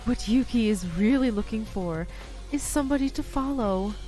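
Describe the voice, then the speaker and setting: A woman's voice: a little high, normal speed, dark tone, faint music behind, low-quality recording. A woman hosting a let's play, reacting emotionally to the story and reading game lines aloud. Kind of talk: gameplay commentary and reading dialogue aloud.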